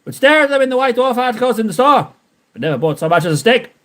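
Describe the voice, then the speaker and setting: A man doing a put-on Irish accent as a cheeky, shameless Irishman, talking high and excited and breaking into laughs. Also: quick pace, heavily acted. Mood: wistful.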